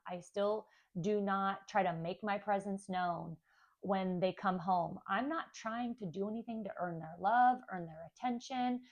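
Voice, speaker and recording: Young woman vlogger, candid and chatty, telling her family story to camera. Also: medium pitch. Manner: candid, chatty, acts out kids' voices. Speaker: stepmom vlogger.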